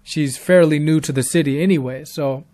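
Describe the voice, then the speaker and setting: A man's voice: on the high side, normal speed, mellow, no echo, studio quality. A young man telling a true story in a laid-back, rambling way with casual slang.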